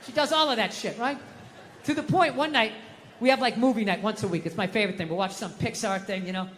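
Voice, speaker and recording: A man's voice: high-pitched, fast talker, slight background noise. Ranting, profane male stand-up comic. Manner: profane, ranting, rising into mock-furious shouts. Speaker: stand-up comedian. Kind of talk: stand-up comedy set. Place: large outdoor stage in the wind. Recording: live venue with long reverb, faint ambience.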